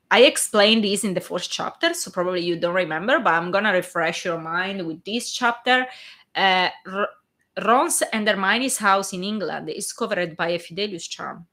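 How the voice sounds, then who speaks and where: A woman's voice: fairly low pitch, fairly bright tone. A young adult woman with an Italian accent, hosting a reading channel and chatting casually with listeners, often restarting her sentences. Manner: chatty, frequent restarts and filler words. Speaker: fanfiction reader and channel host. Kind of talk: casual chat before a live reading.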